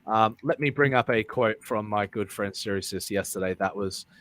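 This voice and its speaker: A man's voice: lowish voice, moderate pace, a bit bright, no echo. A man hosting a casual live-streamed talk show, rambling and repeating his words, often breaking into laughs. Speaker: podcast host.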